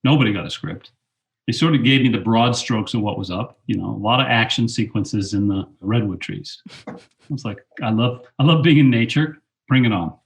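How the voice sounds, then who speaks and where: An older man spinning anecdotes with animated energy. His pitch sits in a middle range for a man, and he jumps higher when he quotes himself. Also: a little fast, vocal fry. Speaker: guest, film director and teacher. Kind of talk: storytelling interview.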